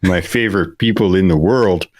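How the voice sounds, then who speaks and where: A man's voice: low-pitched, normal speed, a little mellow, no echo, clean studio sound, close to an everyday voice. A man voicing a friendly, mildly offended Minnesotan man in a folksy drawl with a Minnesota accent. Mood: mock offended. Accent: Upper Midwest, Minnesota. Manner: singsong folksy drawl with "eh?" tags.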